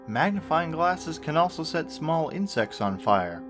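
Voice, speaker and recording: A man's voice: a little high, sing-song, a little slow, over music, voice pushed up. A man voicing a cheerful, sinister male apple puppet in a sing-song, falsely cheerful way.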